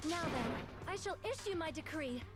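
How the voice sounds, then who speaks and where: An actress voicing a regal, formal young princess in a dubbed video game, speaking with stately, formal diction. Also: female voice, very high-pitched, expressive, moderate pace. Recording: game audio with background music.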